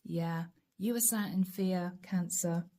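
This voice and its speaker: A woman's voice: fairly low pitch, slow, mellow, a little hiss or hum. A woman doing a casual tarot reading, chatty and talking straight to the viewer, laughing often. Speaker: tarot reader.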